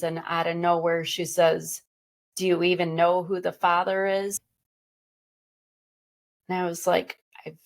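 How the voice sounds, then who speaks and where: A woman's voice: lowish voice, gravelly. A woman guest on a podcast, telling her own story bluntly and candidly and swearing freely.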